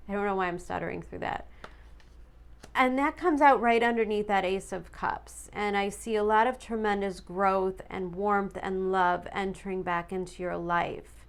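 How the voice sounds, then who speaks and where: Woman, tarot reader, casual chatty delivery, smooth clear tone. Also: medium pitch, fairly even intonation, moderate pace. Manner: chatty, reads card texts aloud, some stumbles. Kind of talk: casual tarot reading to viewers.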